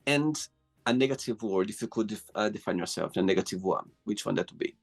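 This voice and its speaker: A man's voice: fairly low pitch, fairly quick, faint music behind. A man hosting a casual interview, asking questions and reacting with short, enthusiastic praise. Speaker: interview host.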